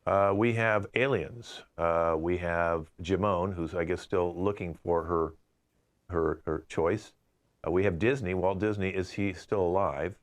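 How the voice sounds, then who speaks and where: Running the games of a live online improv show over a video call, a man keeps up brisk, playful banter. His voice is low and his tone steady.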